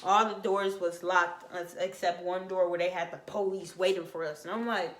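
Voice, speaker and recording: A young woman from Florida telling a casual storytime, slangy and animated, acting out what other people said. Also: fairly low pitch, normal speed. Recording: echoey room.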